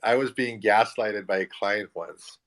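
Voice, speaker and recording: A man with a low voice in his forties tells stories in a casual online audio chat. He is animated and self-mocking, and laughs often. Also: a little slow.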